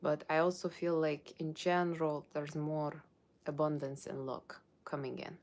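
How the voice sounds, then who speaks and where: A deep, darkish female voice with little pitch movement comes through unhurried. The woman is in character as a brash, sassy tarot reader with a put-on Russian accent, giving a blunt Halloween reading and tossing teasing asides to viewers.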